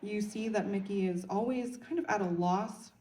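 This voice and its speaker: A woman interpreting Korean into English at a film Q&A, speaking clearly and evenly. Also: medium pitch, moderate pace, dark tone, far from the mic, a little hiss or hum. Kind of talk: consecutive interpreting.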